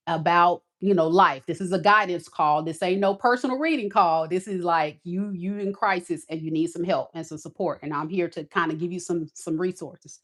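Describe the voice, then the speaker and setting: Folksy woman doing a tarot live, chatty, kinda low voice. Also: a bit bright. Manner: folksy, chatty, addresses viewers as y'all. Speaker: tarot reader hosting a live stream. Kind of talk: casual live-stream talk.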